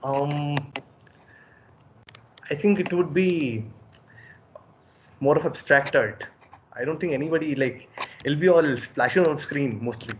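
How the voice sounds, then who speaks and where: A man's voice: fairly high pitch, slow pace, pauses often, dull audio, slight background noise. A man answering as a podcast guest, hesitant and thoughtful, with many ums. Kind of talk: casual podcast chat.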